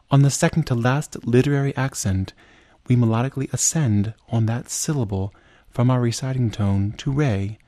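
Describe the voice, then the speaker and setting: A man teaching liturgical chant, explaining each step in a measured way and then singing chanted examples. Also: on the low side, dark tone, no room sound. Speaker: chant instructor. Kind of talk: spoken lesson with sung examples.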